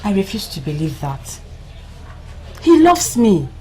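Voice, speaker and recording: A woman's voice: medium pitch, sing-song, unhurried, darkish tone, a little hiss or hum. An actress with a Nigerian accent playing a proud young village woman defensively denying her feelings in a Nollywood drama. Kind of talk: Nollywood film acting.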